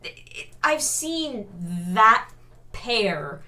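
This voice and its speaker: A woman co-hosting a casual review chat, wry and critical, stretching words with dramatic pauses. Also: a little high, sing-song, bright, forceful tone. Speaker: co-host reviewing a TV series.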